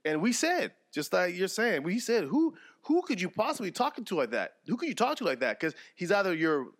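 A man co-hosting a sports podcast in casual chat, animated and jokey, breaking into mock play-by-play. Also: high-pitched, a little fast. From Canada. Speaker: podcast co-host.

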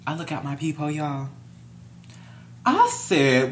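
A young adult man vlogging a casual storytime, animated and profane, playing up every scene. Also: mid-range voice, measured pace.

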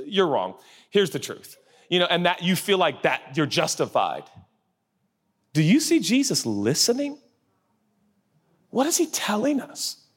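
A man preaches with big energy and a lot of melody in his voice, swinging high and then sinking low. His tone is husky and a little breathy, never polished. He talks like a father chatting to a congregation. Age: adult, a father. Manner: animated, jumps into high-pitched acted voices, then drops low and soft. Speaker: pastor. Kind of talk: sermon.

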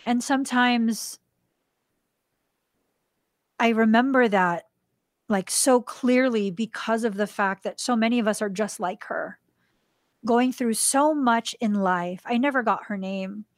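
A woman's voice: unhurried, pauses often, dry recording, studio quality. A woman hosting a spiritual podcast, telling a personal story in a casual way and acting out the voices in the dialogue. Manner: animated, acts out quoted dialogue in a higher voice; drops to a soft, hushed voice for tender moments. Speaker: podcast host.

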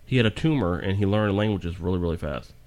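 A man's voice: low voice, fast, darkish tone. A man hosting a casual podcast chat, rambling and joking as he reads aloud from his notes with stumbles. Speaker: podcast host.

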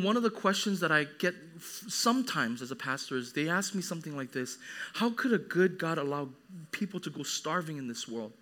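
A young man preaching a sermon as a pastor, animated, acting out quoted voices. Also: a little high.

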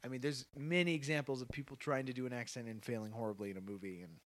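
A man co-hosting a podcast in a casual, animated movie discussion, laughing often and swearing casually. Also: mid-range voice, quick pace, dry recording.

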